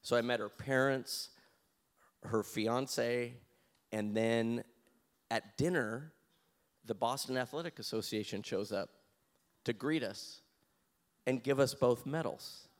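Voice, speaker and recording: Man, interview guest, lively storyteller, laughs a lot, acts out dialogue. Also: mid-range voice, takes it slowly, long pauses. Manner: animated, laughs often, acts out his own lines.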